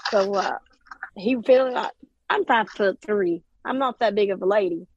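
Husky plainspoken woman telling a story. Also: mid-range voice, moderate pace, dry recording, lo-fi sound. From Oklahoma, USA. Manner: plainspoken, direct. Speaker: guest, mother. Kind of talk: personal storytelling.

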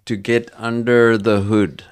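Deep slow man. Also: level tone, clear, resonant tone, dry recording. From South Africa. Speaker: podcast guest. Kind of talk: casual interview.

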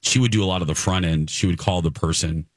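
A male radio host talking into a studio mic with a lowish voice. His talk is relaxed and chatty, and he often breaks into a laugh. The sound is dry and close. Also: fast, no room sound. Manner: chatty, laughs easily, tells stories. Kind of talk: casual on-air chat. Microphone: studio microphone.

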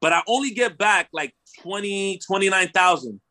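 A young man telling a story in casual chat, animated and slangy, swearing and tagging lines with "bro" and "right?". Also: high voice, normal speed.

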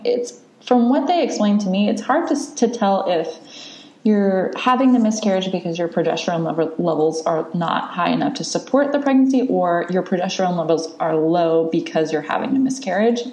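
A woman's voice: on the low side, darkish tone, roomy sound. A woman in her thirties, a podcast host, candidly telling a long personal story in casual chat, with lots of fillers and restarts.

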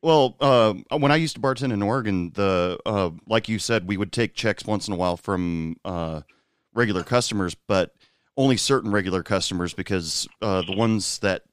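A fairly low-voiced man hosts a casual interview, speaking haltingly with frequent filler pauses. His voice is close and dry. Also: smooth, no echo. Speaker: podcast host.

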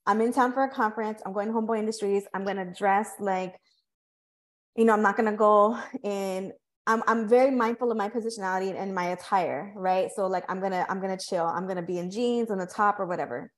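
A woman's voice: mid-range voice, fairly even intonation, fairly quick. A woman hosting a podcast, telling a personal story in a reflective, emotional way with many restarts. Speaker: podcast host. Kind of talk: candid conversational storytelling.

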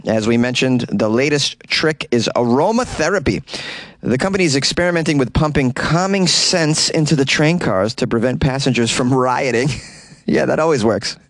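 Speaking at a medium pitch, this man runs a comic news podcast where he reads articles and mocks them with sarcasm. He has lived in New York City, and the audio, captured in a small closet, has no echo.

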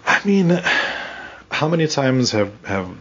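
A man's voice: medium pitch, measured pace, dull audio, a little hiss or hum. A man co-hosting a casual podcast, ranting and swearing a lot as he talks. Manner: profane, ranting, animated. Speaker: podcast co-host. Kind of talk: casual wrestling podcast chat.

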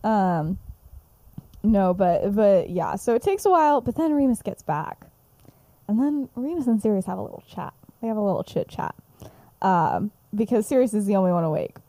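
A woman's voice: mid-range voice, big pitch swings, moderate pace, dark tone, no room sound. A young woman chatting casually on a podcast, retelling a story she wrote and acting out the characters' lines with lots of giggles. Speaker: podcast co-host. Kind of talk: casual chat, retelling her own story.

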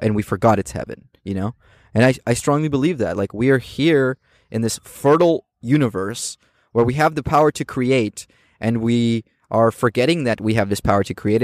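A man's voice: mid-range voice, a little mellow, dry recording, studio quality. A man as a podcast guest, earnestly telling a story in casual chat outdoors and often repeating words as he thinks. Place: outdoors on campus steps.

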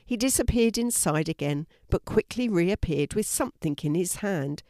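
An older woman reading a children's story aloud, calm and clear. Her voice sits low and gentle. The recording is dry and close. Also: moderate pace, dry recording.

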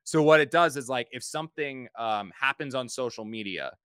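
A man's voice: medium pitch, moderate pace, fairly bright tone, clear, resonant tone, no room sound. A man hosting a podcast in casual chat, rambling through stories and repeating his words. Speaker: podcast host and sports reporter.

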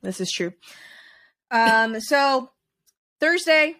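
A woman's voice: high-pitched, animated, very slow, sharp tone. A woman co-hosting a podcast, chatting casually about baseball with laughs and rambling restarts. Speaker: podcast co-host. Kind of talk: casual sports chat.

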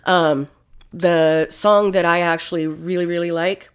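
A woman co-hosting a podcast in casual chat, talking loosely and swearing freely, with animated outbursts. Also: lowish voice, measured pace, clear, resonant tone. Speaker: podcast co-host.

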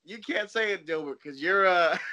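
A man's voice: high-pitched, unhurried, pushed and bright, muffled recording. A man in his forties hosting a podcast, chatting casually and rambling through loose stories. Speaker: podcast host. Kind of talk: casual chat.

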